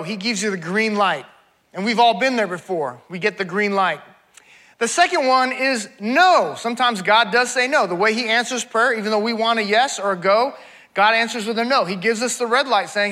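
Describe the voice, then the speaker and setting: A man's voice: high-pitched, moderate pace, pushed and bright. A middle-aged male pastor preaching a sermon, repeating his key points for emphasis.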